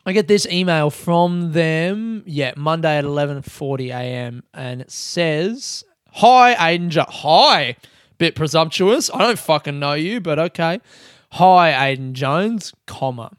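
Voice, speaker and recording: Slightly high, a bit bright, and smooth, the young host's voice carries lively intonation at an unhurried pace. On a close podcast mic with clean, echo-free studio sound, he rambles casually, swears, and mocks himself with laughing asides.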